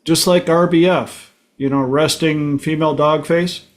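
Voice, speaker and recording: A man hosting a casual group talk show, telling anecdotes in a lively way and acting out the voices of people in his stories. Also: on the high side, measured pace. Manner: animated storyteller, acts out voices in anecdotes. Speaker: host.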